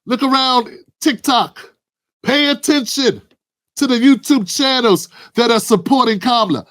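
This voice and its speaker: A man's voice: extremely high pitch, measured pace, fairly bright tone. A man giving impassioned political commentary, preaching and firing off rhetorical questions at a co-host. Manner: addresses a co-host by name.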